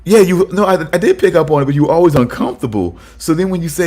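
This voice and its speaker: A man's voice: a little high, animated, rapid-fire, darkish tone. A man co-hosting a podcast, teasing his co-hosts in casual banter with lots of stammered restarts. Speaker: podcast co-host.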